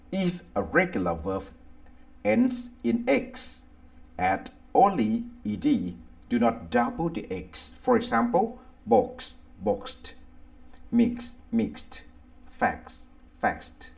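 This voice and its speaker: Slow, gravelly man with a Thai accent. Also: medium pitch, wildly swooping pitch, a little mellow. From Thailand. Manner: slow, deliberate, reads word lists aloud one by one. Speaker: English teacher. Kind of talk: slow scripted grammar lesson.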